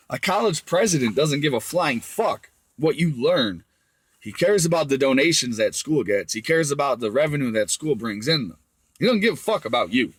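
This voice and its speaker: Profane ranting man, lively voice. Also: on the high side, husky, dry recording. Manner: crude, ranting, heavy swearing. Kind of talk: profane rant to camera.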